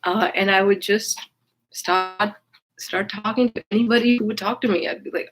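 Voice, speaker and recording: A vlogger with a medium-pitched, steady voice speaks at normal speed, with slight background noise and poor audio. She shares a personal story frankly, with casual swearing, drifting around and restarting often amid fillers.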